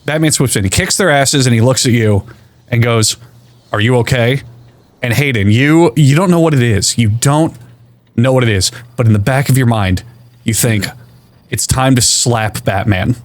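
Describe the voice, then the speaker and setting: A man's voice: medium pitch, lively intonation, moderate pace, no echo. A man hosting a casual gameplay commentary, joking and spinning silly hypothetical scenarios for his co-host.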